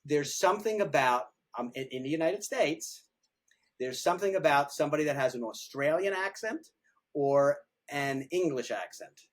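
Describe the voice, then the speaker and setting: A man's voice: on the high side, normal speed. An older man's slightly raised voice. He chats casually as a podcast guest and keeps tumbling through repeated words and restarts as he goes. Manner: rambling and animated, with frequent repeated words and restarts. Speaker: retired pediatric dentist, podcast guest. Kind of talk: casual interview chat.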